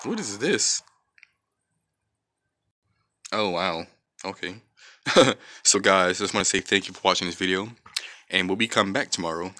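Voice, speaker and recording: A man giving profane, trash-talking commentary over his own gameplay, reacting loudly to each fight. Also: low-pitched. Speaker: gaming channel host. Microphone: off-camera voice-only mic.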